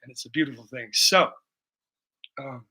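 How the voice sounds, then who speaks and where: With a mid-range voice at normal speed, he sounds bright, forceful, and slightly rough. This livestream host paints in his bedroom at home, casually rambling, joking, and cursing for his viewers.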